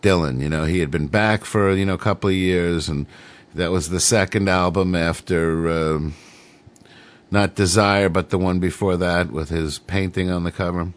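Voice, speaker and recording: A man's voice: low-pitched, fairly even intonation, moderate pace. A middle-aged man hosting a radio show, rambling casually between songs with lots of fillers. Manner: rambling, laid-back, many fillers.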